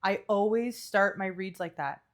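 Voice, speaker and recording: Woman podcast host, middle-pitched voice, easygoing and reassuring, casual swearing. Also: a little slow. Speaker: podcast host and psychic medium. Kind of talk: casual chat.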